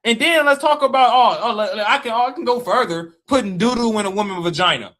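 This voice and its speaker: A man's voice: very high voice, quick pace, a bit bright. A man in a heated livestream rant, mocking and challenging, repeating his dares. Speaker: live stream guest debater. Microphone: live stream call mic.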